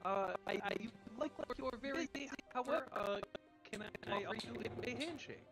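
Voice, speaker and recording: A man putting on a high, soft voice as an overly polite, cheerful adventurer. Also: a little fast, loud music behind the voice. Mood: chipper.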